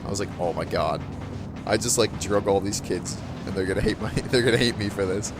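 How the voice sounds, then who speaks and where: A man's voice: on the low side, fairly even intonation, fast talker, over music. Rambling young man, casual anecdote. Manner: rambling, chuckling, lots of fillers. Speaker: gaming channel host. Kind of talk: casual storytelling over gameplay.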